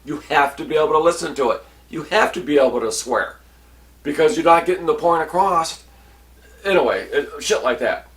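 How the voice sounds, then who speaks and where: A man's voice: on the high side, animated, fairly quick, fairly bright tone. An older man, a veteran, telling a blunt, swearing story of his dealings with staff, acting out what each side said. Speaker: veteran vlogger. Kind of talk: casual storytelling rant. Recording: voice a bit distant from the mic.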